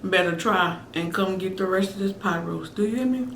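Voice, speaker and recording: A woman's voice: medium pitch, moderate pace, fairly bright tone, recorded from a distance, a little hiss or hum. A woman hosting an eating vlog, chatting playfully, humming and savoring between bites. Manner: playful, teasing, talks while chewing with lots of mm sounds. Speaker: mukbang host. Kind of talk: casual eating vlog chat. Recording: roomy sound from off-mic with faint ambience.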